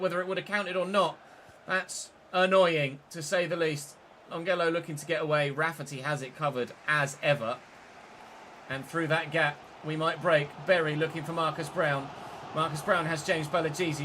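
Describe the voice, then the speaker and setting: Bright-voiced man commentating his game. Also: a little high, a little hiss or hum. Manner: mock match commentary, swearing when frustrated. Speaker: streamer playing a football game. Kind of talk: live gameplay commentary.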